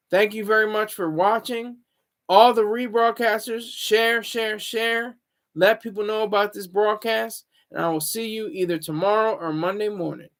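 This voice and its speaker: A man's voice: high-pitched, a bit bright. A man talking alone on his livestream, rambling and opinionated, often stopping to correct himself. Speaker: streamer. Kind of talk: casual solo livestream monologue.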